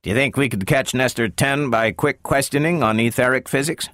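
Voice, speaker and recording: A man reading the part of a brisk male scientist who questions a robot in a probing, sometimes sharp way. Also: mid-range voice, dry recording, clean studio sound, voice pushed up, close to an everyday voice.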